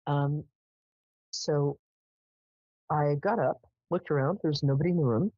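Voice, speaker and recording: A woman's voice: deep voice, unhurried, dry recording. Female psychic show host; dry, dull lo-fi sound, chatty and affectionate. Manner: chatty storyteller, affectionate with callers. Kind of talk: live call-in psychic show.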